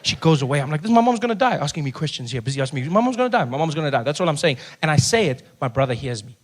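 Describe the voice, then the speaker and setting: A South African man telling a story on a comedy stage, his voice pitched high and running quickly. He slips in and out of the people in his tale and bursts into loud shouts at their antics. He is heard through a handheld stage mic. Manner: animated, acts out characters with sudden loud outbursts. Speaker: stand-up comedian. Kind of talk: stand-up storytelling. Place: theater stage before a live audience.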